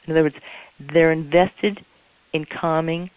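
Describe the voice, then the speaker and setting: An earnest couples therapist talks through ideas at length in a measured, explanatory way. The voice sits at a middle pitch. It is captured in a dry, muffled recording. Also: fairly even intonation, dry recording. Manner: earnest, explanatory, repeats phrases for emphasis. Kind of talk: explanatory interview talk.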